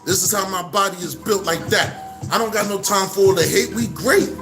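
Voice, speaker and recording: Brooklyn guy vlogging, very high voice, animated shout-outs, music clearly playing behind. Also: moderate pace. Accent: New York, Brooklyn. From Brooklyn, New York. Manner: animated, repetitive shout-outs and street slang. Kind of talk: casual direct-to-camera monologue.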